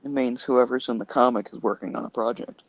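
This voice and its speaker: A man's voice: medium pitch, fairly even intonation, brisk, slightly rough, no echo, lo-fi sound. A man co-hosting a stream, tossing in jokes and questions in casual chat. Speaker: co-host.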